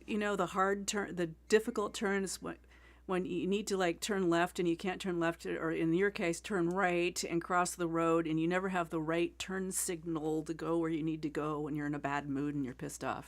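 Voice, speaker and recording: A woman's voice: on the low side, gravelly. A middle-aged woman hosting a casual livestream between songs, chatty and rambling, greeting viewers by name and laughing often. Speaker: singer-songwriter host.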